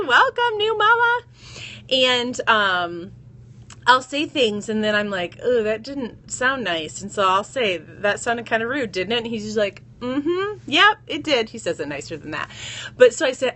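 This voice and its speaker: Friendly woman in her 30s chatting live to viewers on her phone; bright tone, slightly high pitch, laughs easily. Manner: chatty, greets viewers by name, laughs often. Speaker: live stream host. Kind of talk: casual live stream chat.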